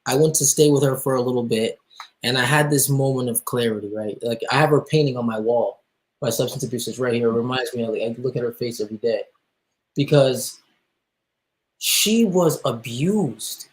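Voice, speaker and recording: A young man, a musician guest, telling his personal story with emotion, halting and full of restarts and fillers. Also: mid-range voice, fairly even intonation, darkish tone, rough recording.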